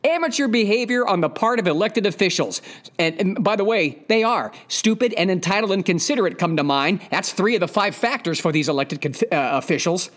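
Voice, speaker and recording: A man's voice: high voice, expressive, fairly quick, a bit bright. A man hosting a podcast, delivering a blunt, profane, opinionated monologue with emphatic repetition of his points. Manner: emphatic, repeats key points. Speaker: podcast host.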